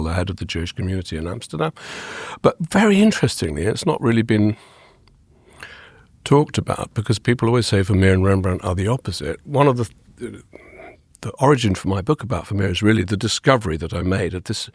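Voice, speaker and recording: A man's voice: lowish voice, slightly rough, no echo, clean studio sound. A man being interviewed as an art historian, talking eagerly in long, rambling answers full of restarts. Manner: enthusiastic, rambling with frequent restarts. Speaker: guest, art historian and author. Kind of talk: conversational interview.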